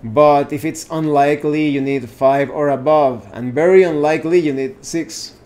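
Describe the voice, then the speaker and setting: A man hosting his channel, explaining solo tabletop games in a casual, unhurried way, improvising and correcting himself as he goes. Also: a little high, fairly even intonation, darkish tone.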